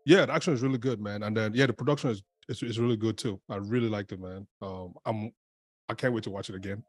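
A man in a casual group chat, relaxed and rambling, full of fillers. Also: lowish voice, fast, no room sound.

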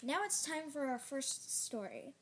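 Very high-voiced woman reading a story. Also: a little slow, over loud music. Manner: lively, expressive storytelling. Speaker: storyteller host. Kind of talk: reading a children's chapter book aloud.

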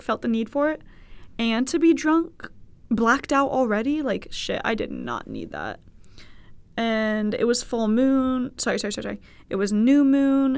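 A young woman hosting a podcast, telling a personal story in casual, candid chat with frequent swearing and laughter. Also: fairly high pitch. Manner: candid, swearing, laughing, animated quoted voices. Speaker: podcast host.

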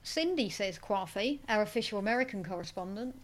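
A podcast co-host with a medium-pitched, lively voice talks fairly quickly on a casual film show. She's chatty and pokes fun at herself while reading listener comments aloud.

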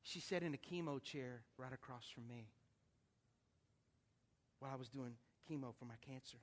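A man preaching, a pastor telling a story in a lively, acted-out way to his church. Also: medium pitch, normal speed. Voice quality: animated storyteller, acts out voices. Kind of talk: storytelling sermon.

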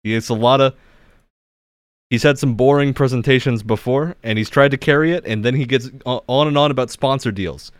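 A man's voice: medium pitch, fairly quick, no room sound, studio quality. A man hosting a podcast, ranking things on a tier list with theatrical, mock-grand announcements. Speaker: podcast host.

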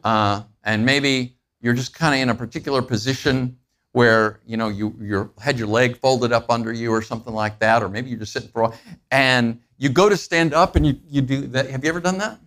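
Male pastor, mid-pitched voice, chatty sermon delivery, questions to the congregation. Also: fairly quick. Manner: conversational, asks listeners questions; acts out everyday moments with animated pitch jumps.

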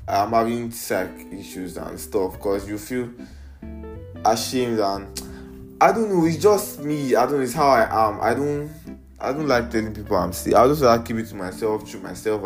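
A man's voice: fairly low pitch, moderate pace, faint music behind. A young man with a Nigerian accent hosting a casual solo podcast, playful and rambling, mixing in pidgin slang, recorded on an iPad. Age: young adult. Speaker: podcast host.

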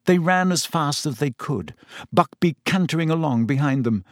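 A man reading a fantasy novel aloud in steady, measured storytelling narration. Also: on the high side, no echo, clean studio sound. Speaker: audiobook narrator. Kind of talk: scripted narration.

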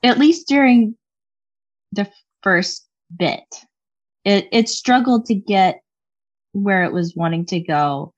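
A woman appearing as a podcast guest, giving her opinion in a measured, thoughtful way. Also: medium pitch, dull audio. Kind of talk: casual podcast chat.

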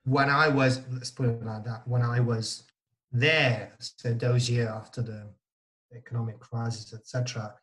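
A man's voice: medium pitch, flat delivery, a little slow, fairly bright tone. A man from Italy, a guest in a casual podcast chat, speaking in short phrases with many "you know" fillers. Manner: talks in short restarting bursts with many fillers.

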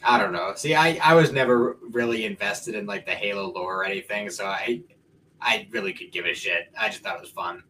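A man's voice: fairly low pitch, fairly quick, pushed and bright, slight background noise, low-quality recording. A man co-hosting a podcast in casual chat, talking in a laid-back, offhand way. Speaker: podcast co-host.

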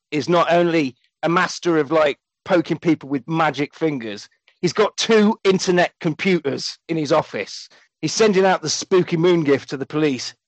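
Podcast host, man, animated film recapper, swears freely, bit high-pitched, dry close mic. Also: no room sound, rough recording. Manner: animated, sweary, acts out characters in quotes. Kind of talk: comedic film recap chat.

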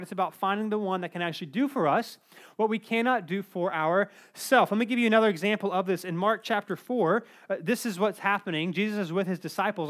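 A male pastor preaching a sermon in a conversational, animated way, with asides. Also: high voice.

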